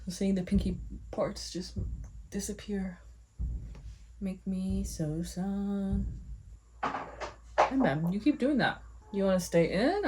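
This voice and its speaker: A woman's voice: medium pitch, noisy background. A woman vlogging at home as she gets ready, chatting casually and thinking aloud to herself. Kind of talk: casual rambling narration.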